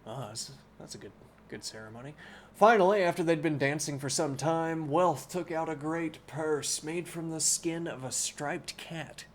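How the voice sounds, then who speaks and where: A man's voice: a little high, a little hiss or hum. Man reading a bedtime story aloud. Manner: unhurried reading, musing asides to viewers. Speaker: live streamer reading a novel aloud.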